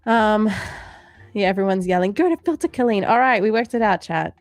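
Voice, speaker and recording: A woman's voice: medium pitch, animated, fairly quick, no echo, faint music behind. A woman hosting a casual livestream, reading out chat comments in a playful, jokey way and laughing often. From Australia. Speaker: livestream host.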